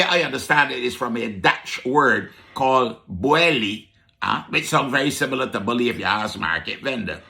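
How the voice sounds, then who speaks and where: Gravelly, teasing Barbadian man on radio. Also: fairly high pitch, sharp tone. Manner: playful and teasing, with frequent "huh?" asides. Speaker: radio comedy segment presenter as a market vendor. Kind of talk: comedic radio word-history segment.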